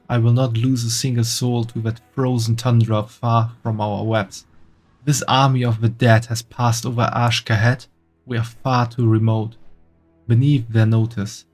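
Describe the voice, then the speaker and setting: A man voicing a proud insect queen in a game, reading her words slowly and solemnly. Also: medium pitch, a little mellow, close to an everyday voice.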